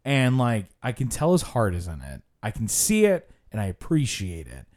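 A podcast host with a lowish voice speaks at normal speed while casually telling a story. His animated, profane storytelling is packed with fillers, especially a frequent "like."

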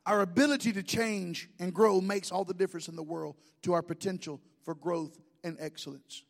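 A man's voice: high-pitched, moderate pace, vocal fry, long reverb tail. A man preaching a sermon, conversational, joking with the congregation in asides. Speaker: pastor.

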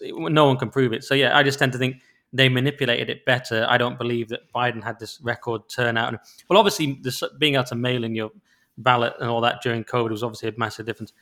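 A man co-hosting a podcast in casual chat. He is quick, animated and opinionated, and often restarts his sentences. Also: mid-range voice. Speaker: podcast co-host.

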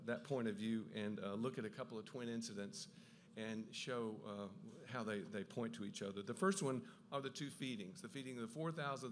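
A man giving an enthusiastic Bible talk, with quick asides and frequent restarts as he explains. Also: mid-range voice, slight background noise. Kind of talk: lively lecture on the Gospels.

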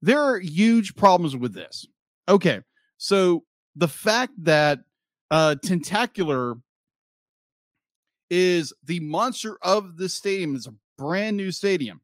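High, lively male podcast co-host. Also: slow, no room sound, studio quality. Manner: animated ranting, acting out quoted lines. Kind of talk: casual movie review chat.

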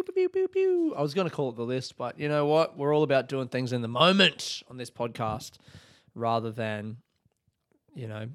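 A man's voice: mid-range voice, fairly bright tone, clear, resonant tone. A man hosting a solo podcast, talking loosely and rambling, swearing freely and yawning now and then. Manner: yawns often mid-talk. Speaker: podcast host. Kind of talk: solo casual podcast monologue.

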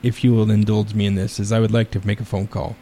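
A man's voice: on the low side, flat delivery, fast, warm tone. A man hosting a podcast, making a prank phone call with feigned earnest worry and a straight face. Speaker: podcast host.

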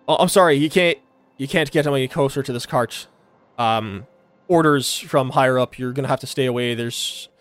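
A man's voice: mid-range voice, lively intonation, moderate pace, a bit bright, dry recording, lightly acted. A man voicing a dutiful, apologetic male caravan guard who speaks formally with a wavering put-on accent. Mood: firm.

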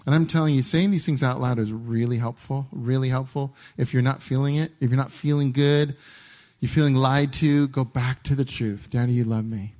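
A man's voice: medium pitch, normal speed. A man preaching a casual, conversational sermon on a church stage, often repeating himself and acting out his own inner dialogue. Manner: conversational, animated, stumbling restarts and acted-out inner dialogue.

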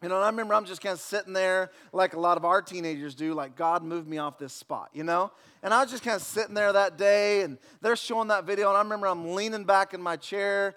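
A male pastor preaching a sermon, telling stories in a lively way with jokes, repeated words and sudden drops to a near hush. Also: high voice, quick pace, few pauses.

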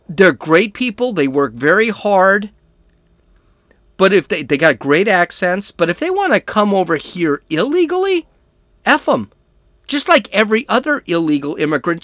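A man delivers opinionated political commentary as a show host, blunt and combative, with sarcasm. His pitch swings widely from line to line, and the sound is dry, with no room in it. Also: fairly bright tone, no echo.

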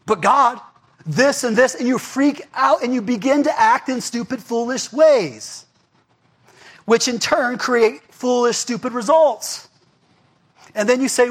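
A man's voice: very high voice, animated, unhurried, long pauses, breathy edge. A male pastor preaching a casual, conversational sermon, often checking in with "right?" and "okay?". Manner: chatty, asks the crowd "right?" and "okay?".

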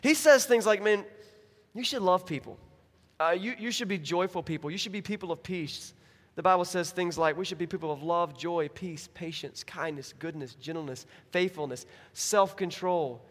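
A man's voice: high voice, normal speed, in a large hall. A man preaching a sermon as pastor, telling stories animatedly and acting out the people in them. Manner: animated storytelling with acted-out quotes. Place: church.

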